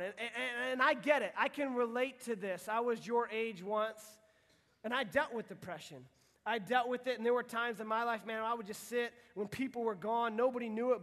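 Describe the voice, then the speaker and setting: Young male youth pastor, very high voice, earnest casual sermon, long hall reverb. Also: fairly bright tone. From United States. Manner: casual, earnest, frequent restarts. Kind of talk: sermon to teenagers.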